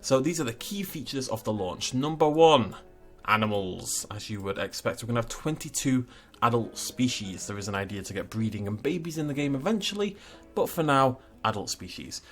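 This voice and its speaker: A man's voice: medium pitch, animated, normal speed, soft background music. A man hosting a gaming channel, casually talking through video game news in a chatty, rambling way with asides and chuckles.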